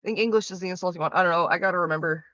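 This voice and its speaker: Girl streaming, bright voice, dry dull lo-fi mic, rambly and full of likes. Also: lowish voice, very fast, no room sound. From Canada. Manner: rambling, lots of "like" fillers. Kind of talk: casual chat with viewers.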